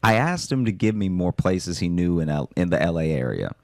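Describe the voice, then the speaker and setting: A man's voice: low voice, big pitch swings, a little fast, dry recording. A man hosting a comedy podcast, reading a listener's story aloud with dry, wry storytelling.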